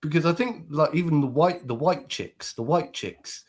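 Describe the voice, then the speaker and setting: A man on a podcast panel, talking in a chatty, lively way and laughing easily. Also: fairly high pitch, moderate pace, breathy edge. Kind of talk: casual panel discussion.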